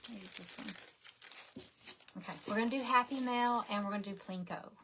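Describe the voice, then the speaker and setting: A woman's voice: medium pitch, a little fast, fairly bright tone, slight background noise. A woman hosting a craft livestream, chatting casually and muttering to herself now and then.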